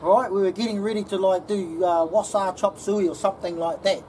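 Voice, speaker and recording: A woman's voice: medium pitch, steady tone, brisk, warm tone. A woman giving a casual security training demonstration, often checking in with "okay?". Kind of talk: instructional demonstration. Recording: distant mic with background noise.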